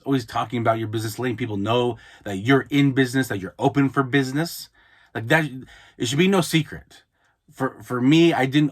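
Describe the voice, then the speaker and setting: A man hosting an advice podcast, talking casually and often restarting his sentences. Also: medium pitch. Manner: conversational, frequent restarts and repeated words. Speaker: podcast host, mobile notary. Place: Utah, United States.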